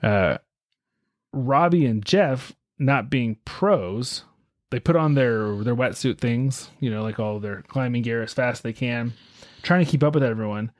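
A man hosting a podcast, telling a story in a relaxed, chatty way with lots of fillers. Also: medium pitch, a little slow, no echo, clean studio sound. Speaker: podcast host. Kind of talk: casual storytelling chat.

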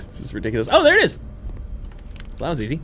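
A man playing a horror game on his channel, commenting excitedly with frequent laughter and panicky outbursts. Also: a little high, slight background noise. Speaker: gaming YouTuber. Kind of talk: let's play commentary.

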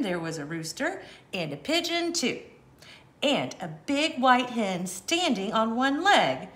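Animated woman reading a picture book aloud. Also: medium pitch. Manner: gentle, animated, asks the listener to count along. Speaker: children's storyteller. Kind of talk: read-aloud for kids.

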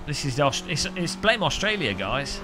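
A man streaming a racing game, joking and rambling with frequent laughs, a little hoarse after hours of talking. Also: a little high, very animated, moderate pace, music in the background. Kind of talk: live-stream gaming commentary. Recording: game car engine noise behind.

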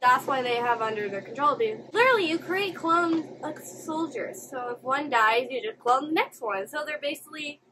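A high-pitched woman talks through an anime episode as she watches it, gasping and exclaiming at each turn. She records at home on a desktop mic. A faint room noise runs underneath. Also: normal speed, hardly any pauses, low-quality recording. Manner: expressive, exclaiming and gasping at the screen. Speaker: anime reaction host. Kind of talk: live reaction commentary.

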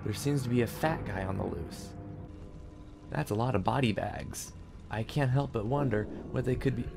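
A man's voice: medium pitch, moderate pace, gravelly. A man commenting casually on a game as he plays, joking and talking to the character on screen. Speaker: gaming channel host. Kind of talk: casual let's-play commentary. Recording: game music playing behind.

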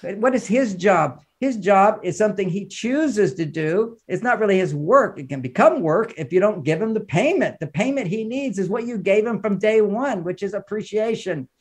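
Appearing as a podcast guest, a man who is a relationship counselor and author dispenses animated advice in an emphatic, lecturing style, climbing in pitch and volume to stress his points and repeating phrases in lists. His voice has lively intonation and a breathy edge, moving at a moderate pace with few pauses.

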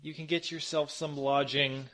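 A man with a put-on Russian accent, narrating a tabletop game as game master in a relaxed, rambling way. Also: on the high side, normal speed. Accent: fake Russian accent.

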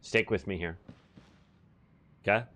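With a lowish, bright and forceful voice, a man talks slowly while streaming a horror game. He swears, jokes and talks to his chat in casual gameplay commentary recorded on a desk microphone.

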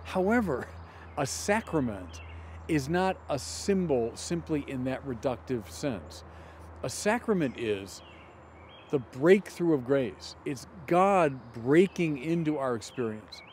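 A middle-aged man, a bishop, gives an emphatic teaching commentary outdoors in a garden, slowing down deliberately on key words. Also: medium pitch, big pitch swings, darkish tone, slight background noise.

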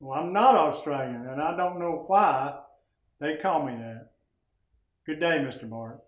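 A man's voice: fairly high pitch, measured pace, echoey room, phone-quality sound, background noise, lightly acted. A man playing a plain-spoken cowboy sharpshooting champion. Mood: firm.

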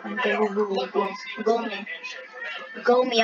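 A female gamer giving excitable live commentary on a race, with shrieking exclamations and jokey trash talk. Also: fairly high pitch, slow pace, pauses often, muffled recording, over a noisy crowd.

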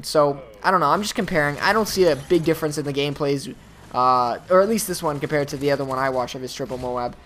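A man with a slightly high voice gives loose, rambling commentary over his own gameplay. He talks straight to his viewers in an offhand, chatty way. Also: fairly bright tone. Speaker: YouTube gamer.

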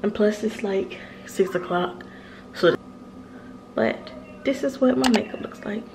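A woman with a Southern American accent talking casually to her viewers in a home vlog, animated and full of "y'all" and "like.". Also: medium pitch, unhurried, heavy background noise. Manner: animated, addresses viewers as y'all, lots of likes. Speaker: vlogger.

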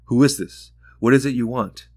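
A man reading the part of a grieving mother whose voice turns raw and bitter with anger, raised and louder than his narration. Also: medium pitch, moderate pace, no room sound, clean studio sound, pitched above the performer's own voice, lightly acted. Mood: furious. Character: grieving furious mother, middle-aged woman.

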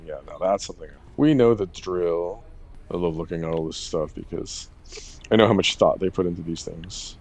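A man's voice: sits low, moderate pace, dry recording. A man streaming a horror game, joking, swearing and reading on-screen text aloud. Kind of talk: let's-play commentary.

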